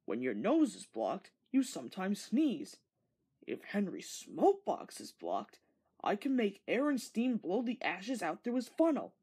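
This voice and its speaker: A woman voicing a calm, kindly male engine driver in a storybook read-along, explaining patiently in a slightly breathy voice. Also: mid-range voice, measured pace.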